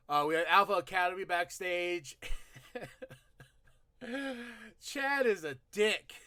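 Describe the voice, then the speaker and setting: A man's voice: fairly high pitch, sharp tone, dry recording, clean studio sound. A man hosting a podcast, casually recapping a wrestling show, laughing and acting out the wrestlers' lines with lots of energy. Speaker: podcast host. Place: home room.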